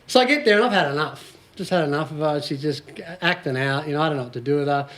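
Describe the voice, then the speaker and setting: Australian man, 40s, motivational speaker, high voice, jokey storyteller, laughs a lot. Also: quick pace, a bit bright. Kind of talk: live talk to a small audience.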